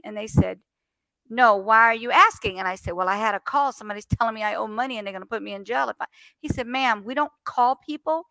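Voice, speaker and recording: Animated woman, bright gravelly voice. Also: on the high side, quick pace, dry recording. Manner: animated storyteller, acts out phone calls. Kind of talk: casual chat.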